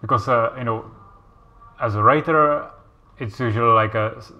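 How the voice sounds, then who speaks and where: A man's voice: medium pitch, normal speed, lo-fi sound. A man interviewing a guest, asking his question hesitantly with many restarts. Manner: hesitant, restarts and fills with "you know".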